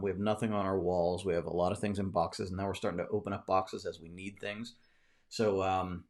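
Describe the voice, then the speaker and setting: A low-voiced man hosts a casual live stream from a cluttered room at home, rambling and restarting often as he answers viewer comments.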